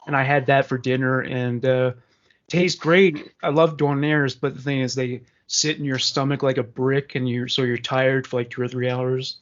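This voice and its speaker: A man's voice: medium pitch, little pitch movement, moderate pace. A man from Canada co-hosting a casual podcast, sarcastic and crude, reading out news stories. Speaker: podcast co-host. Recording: slightly dull lo-fi sound.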